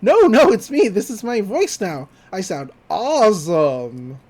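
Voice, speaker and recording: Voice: medium pitch, wildly swooping pitch, a little slow, mellow. A podcast host voicing an awkward teenage boy from a cartoon, whiny and earnest. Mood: excited.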